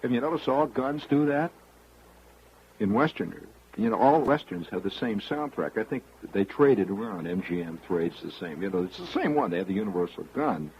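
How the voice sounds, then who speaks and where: A man's voice: fairly low pitch, animated, normal speed, a little mellow, lo-fi sound, a little hiss or hum. A man hosting a radio show, spinning a rambling, wry monologue straight to the listener. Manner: rambling storyteller, confiding, wry. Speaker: radio host.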